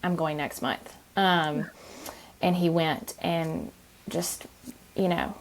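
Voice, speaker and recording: Gravelly-voiced woman, hesitant and gentle. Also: sits low, slow pace, slight background noise. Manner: soft-spoken, many ums and restarts. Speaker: podcast guest. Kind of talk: conversational interview.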